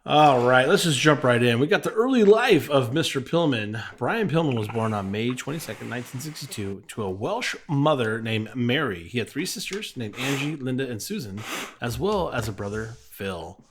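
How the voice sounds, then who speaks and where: A man's voice: medium pitch, animated, moderate pace, a little hiss or hum. A man co-hosting a casual wrestling podcast, reading out promos and biography notes and laughing often. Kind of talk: casual podcast chat with read-out bio notes.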